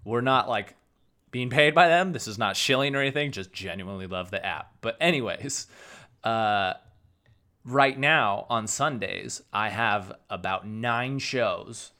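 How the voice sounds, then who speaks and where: A man's voice: fairly low pitch, lively intonation, measured pace, sharp tone. A man co-hosting a casual chat, enthusiastic and chatty, laughing easily. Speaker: podcast co-host.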